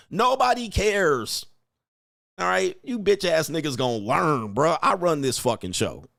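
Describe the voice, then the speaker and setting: A man's voice: fairly high pitch, very animated, slow pace, gravelly, long pauses, fairly bright tone, dry recording. A young man hosting a livestream, ranting at his chat in a profane, mocking, confrontational way and laughing often. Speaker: streamer host. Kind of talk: livestream rant reading chat.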